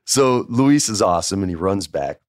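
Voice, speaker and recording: Animated low-voiced man telling a story. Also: normal speed, no echo, studio quality. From New Mexico. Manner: animated, acts out voices of others. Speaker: storyteller guest. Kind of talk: casual anecdote telling.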